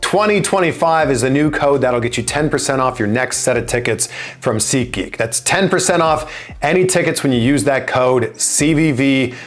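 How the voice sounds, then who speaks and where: A man's voice: medium pitch, expressive, moderate pace, soft background music. Upbeat male interview host. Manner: conversational, upbeat sponsor read. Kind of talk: interview questions and read ad.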